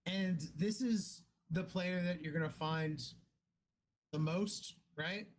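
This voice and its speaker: A man with a high voice teaches poker in loose, casual talk. He is blunt and swears freely, and he gets animated as he makes his points. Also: slow. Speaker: poker coach.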